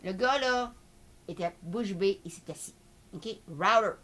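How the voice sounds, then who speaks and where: A woman from Canada with a Quebec French accent, hosting a live market commentary in an excitable way and peppering her talk with filler tags. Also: mid-range voice, moderate pace. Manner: excitable, switches between French and English, full of filler tags. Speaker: host.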